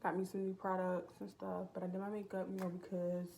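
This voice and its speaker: A woman's voice: lowish voice, monotone, fairly quick, creaky, dark tone, slight background noise. A young woman vlogging in a casual, confessional way, rambling and heartfelt with lots of filler words, talking from indoors at a relative's home. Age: young adult. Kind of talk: casual confessional vlog chat.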